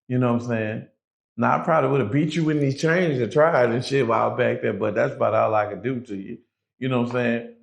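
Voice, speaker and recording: Gravelly man telling a profane story. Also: medium pitch, brisk. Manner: profane, animated, acts out quoted voices. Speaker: guest telling a prison story. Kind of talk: casual storytelling.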